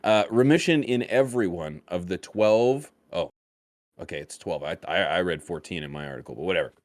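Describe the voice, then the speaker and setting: A deep, low-pitched man chats casually as co-host of a podcast. He is laid-back and stumbles, repeating words as he goes. The sound is dry and close with no room around it. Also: a little fast, no echo. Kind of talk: casual chat.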